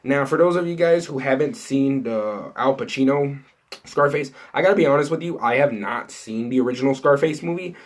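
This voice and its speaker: In a brisk, medium-pitched voice, an entertainment news vlogger chats casually and without a script to his viewers. He wanders from point to point, restarting often and leaning heavily on "you know" and "like."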